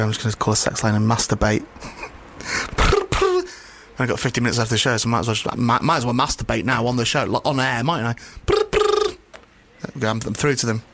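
A man's voice: mid-range voice, very noisy. A man hosting a radio show, bantering crudely with a brash, teasing manner.

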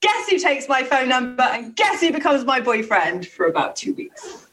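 Young woman, casual podcast storyteller, animated and sweary, slightly off-mic. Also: high voice, moderate pace, far from the mic. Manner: animated, swearing, acts out quotes. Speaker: podcast co-host telling stories.

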